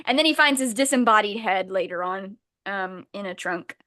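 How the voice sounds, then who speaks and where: In a casual podcast chat, a young female co-host recaps a book in a rambling, profane, exasperated way. She speaks at normal speed in an expressive mid-range voice that sounds pushed and bright.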